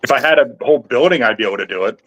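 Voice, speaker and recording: A man's voice: medium pitch, lively intonation, racing, a bit bright, rough recording. A man chatting as a guest on a livestream, rambling and playful with a lot of hesitation. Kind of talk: casual chat on a livestream.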